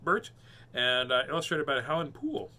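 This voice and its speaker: A man's voice: medium pitch, very animated, normal speed, pushed and bright. A man hosting a storybook reading, joking playfully between pages. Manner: playful, joking, with frequent laughs. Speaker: storyteller host. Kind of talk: reading picture books aloud.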